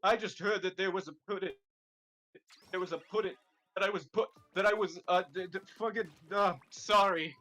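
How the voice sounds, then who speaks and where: A man voicing Luigi, an excitable, clumsy young plumber hero who stumbles over his words, in a casual fan-fiction table read. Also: sits high, a little fast, faint music behind. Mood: flustered.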